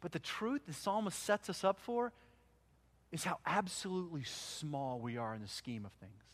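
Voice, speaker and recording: Brief: male pastor, higher-pitched voice, dynamic sermon delivery, loud peaks and quiet drops. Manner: swings from loud emphasis to hushed, slowed phrases.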